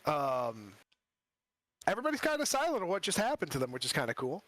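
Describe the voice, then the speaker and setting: Joking game master guy, swears a lot, voice up high and bouncy. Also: huge pitch swings, fairly quick, fairly bright tone, no echo. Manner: joking, profane. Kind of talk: narrating a tabletop game.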